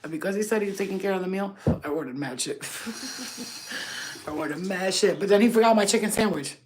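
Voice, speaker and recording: A woman telling a story on a casual livestream, talking loudly and animatedly, swearing and laughing often. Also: mid-range voice, lively intonation, fairly quick, noisy background. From New York. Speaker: channel host.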